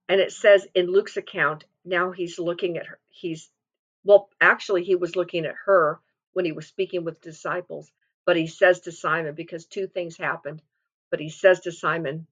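A middle-aged woman delivers a homespun devotional sermon in a lowish voice. She retells scripture conversationally, stopping to correct herself and add asides. The recording is dull and lo-fi. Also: fairly even intonation, normal speed. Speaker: devotional speaker.

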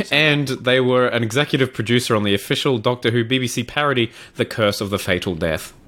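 A man's voice: mid-range voice, a little fast, fairly bright tone. A man co-hosting a fan podcast, rambling enthusiastically with lots of fillers. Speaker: podcast co-host. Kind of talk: casual chat.

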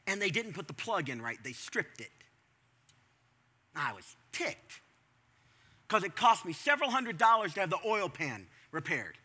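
A middle-aged man preaches with a high, very bright and ringing voice. He talks to the congregation conversationally, then breaks into sudden animated bursts. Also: unhurried, long pauses, slightly rough. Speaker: pastor. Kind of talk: sermon.

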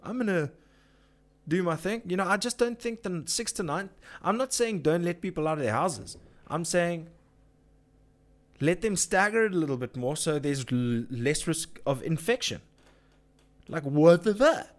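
A man's voice: on the high side, moderate pace. A man, hosting a casual livestream, ranting with swearing and lots of filler words. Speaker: livestream host.

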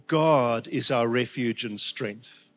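A man's voice: medium pitch, slow pace, fairly bright tone, faint music behind. A man delivering a sermon to his congregation. He speaks with heartfelt emotion, stumbling over restarts and then building to emphatic peaks. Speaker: preacher.

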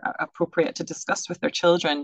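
Young female educator, casual interview guest, quick filler-heavy delivery, dry room. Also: lowish voice, level tone, no echo, poor audio. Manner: chatty, quick, many fillers and laughs.

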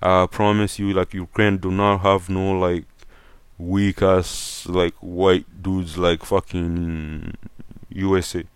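Low, flat-voiced young man ranting. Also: slow, smooth, no room sound. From Canada. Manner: blunt, profane, repeats "like" and "fam". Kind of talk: casual opinion rant.

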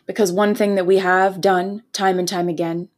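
Woman, young adult, from Canada, spiritual podcast host, husky breathy voice, earnest and animated, casual swearing. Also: medium pitch, moderate pace. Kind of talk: spiritual motivational podcast monologue.

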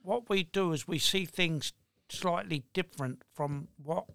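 An older man, answering interview questions in a deliberate, firm way. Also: a little high, creaky, fairly bright tone, clear, resonant tone. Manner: deliberate, firm, slow in places. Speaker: guest, engineering business owner.

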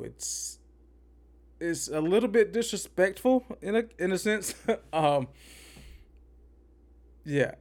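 With a gravelly, medium-pitched voice, a man hosting a podcast rants casually about a movie. His review is opinionated and meandering, and he keeps repeating points to drive them home.

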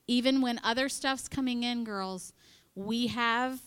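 A woman's voice: fairly high pitch, a little slow, fairly bright tone, clean tone. A woman speaking to a women's church gathering in a chatty, conversational sermon, acting out quoted voices and dropping into whispered asides. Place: in front of a live audience.

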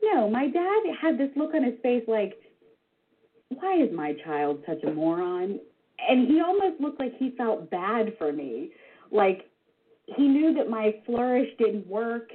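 A woman in her forties tells a funny story about herself, animated and self-deprecating. Her husky voice swoops widely up and down. It comes through a thin, phone-like line. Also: a little high, a little slow. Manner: animated, self-deprecating, with vivid sound words. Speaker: regular storytelling contributor. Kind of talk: personal anecdote told to listeners. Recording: tinny phone-line sound.

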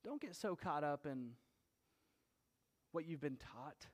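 A pastor with a notably high voice preaches to his congregation. He slips easily from relaxed, joking asides into loud, emphatic exhortation. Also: slow pace. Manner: casual and joking, building to emphatic shouting. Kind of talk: sermon.

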